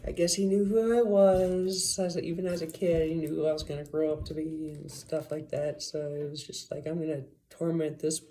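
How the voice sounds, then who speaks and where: A woman's voice: low voice, flat delivery, a little fast, few pauses, warm tone, a little hiss or hum. A woman telling a rambling personal story in a casual, profane way, full of fillers and asides. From Las Vegas area, USA.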